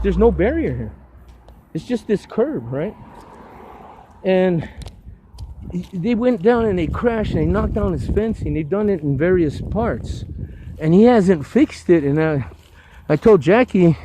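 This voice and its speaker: A man's voice: high voice, darkish tone, slight background noise, low-quality recording. An older man volunteering to clean up litter, giving a rambling, enthusiastic casual walking tour outdoors on a hillside road, full of stumbling restarts.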